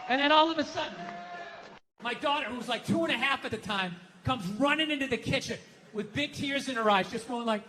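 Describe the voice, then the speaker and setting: A middle-aged man doing a stand-up comedy routine, ranting profanely and shouting at the peaks. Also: very high voice, a little fast, a little hiss or hum.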